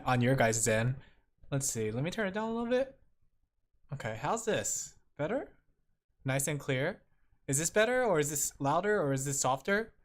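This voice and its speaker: A streamer chatting casually with viewers while drawing, rambling, laughing often and talking straight to the chat. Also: mid-range voice. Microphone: streaming microphone with headphones. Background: faint music.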